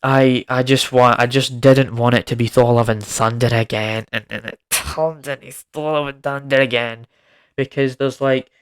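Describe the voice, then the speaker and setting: A man's voice: mid-range voice, fairly even intonation, normal speed, clear, resonant tone. A man giving a casual, rambling film review, exasperated and prone to repeating himself.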